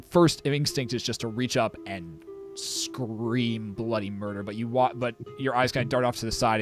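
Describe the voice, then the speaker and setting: A man narrating as dungeon master for a tabletop game, full of hesitations and fillers. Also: mid-range voice.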